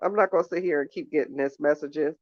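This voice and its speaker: A woman's voice: deep voice, fast, no echo, muffled recording. A woman vlogging in casual chat, ranting to her viewers in an exasperated way about her evening plans.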